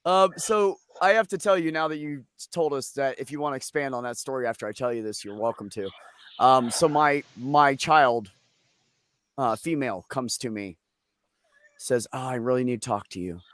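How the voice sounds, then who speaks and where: A man's voice: medium pitch, normal speed, a bit bright, no room sound, studio quality. A middle-aged man hosting a casual live chat, telling stories bluntly and with lots of swearing and joking. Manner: blunt, profane, joking storyteller. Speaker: livestream host.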